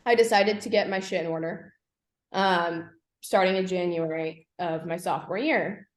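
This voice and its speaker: A young woman, a podcast guest, telling her personal story candidly, with frequent pauses and fillers. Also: fairly low pitch. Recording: echoey room.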